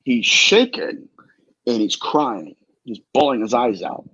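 A man, a demonologist guest, tells an earnest, emphatic story in a husky voice and often repeats himself. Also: medium pitch, expressive, slow, bright, forceful tone, no echo, dull audio. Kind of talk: animated storytelling.

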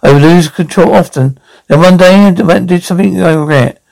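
A prim, defensive anger-management counsellor in a comedy sketch. He speaks formally and stiffly, in a voice that sits fairly high with a gravelly edge. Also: a little fast, a little mellow, poor audio.

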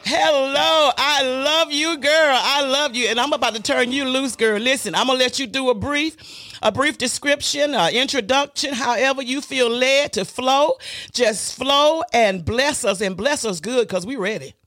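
A woman's voice: sits high, moderate pace, fairly bright tone, no echo, clean studio sound. A woman hosting a church program, introducing her guest with exuberant, affectionate, playful hype. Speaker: host.

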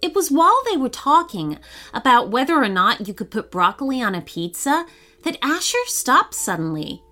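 A woman hosting a children's story show, reading aloud in an animated, expressive storybook manner. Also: sits high, moderate pace, soft background music.

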